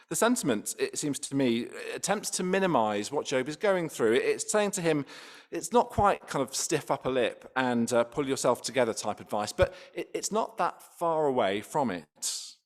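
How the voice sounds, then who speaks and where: Guy giving a sermon in church, chatty, lots of restarts and questions, middle pitch. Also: expressive, normal speed. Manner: conversational, with frequent restarts and rhetorical questions. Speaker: preacher.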